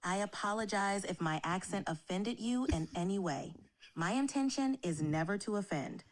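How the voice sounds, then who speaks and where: A computer-generated woman's voice speaks as a chat assistant. Her delivery is even, courteous and a little apologetic, with neat scripted phrasing. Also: mid-range voice, normal speed. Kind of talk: chatbot replies, polite and scripted.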